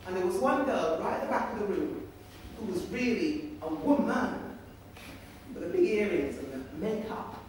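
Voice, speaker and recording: A woman's voice: medium pitch, normal speed. Woman telling stories in an echoey hall. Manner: lively storyteller who acts out voices. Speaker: campaign speaker. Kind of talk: storytelling speech. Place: large meeting room in Parliament. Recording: echoey hall from far off, faint hiss.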